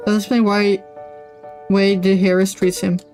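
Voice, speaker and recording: A woman's voice: mid-range voice, flat delivery, measured pace, darkish tone, soft background music, natural voice. A curious young boy, read by a woman. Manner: reads game dialogue aloud.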